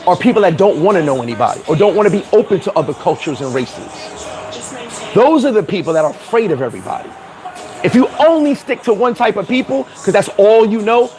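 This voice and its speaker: A higher-voiced man, ranting loosely and bluntly to a live chat. His talk is profane and animated, and he breaks into laughter at his own slips. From New York. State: sweating in the heat. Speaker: vlogger talking to live chat. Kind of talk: casual livestream rant. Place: hot corner, Caribbean town.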